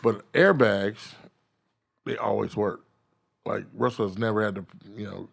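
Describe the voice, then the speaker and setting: A man, a guest comedian, chatting casually on a podcast and telling animated stories with bursts of loud impressions. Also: on the low side, normal speed, gravelly. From San Diego.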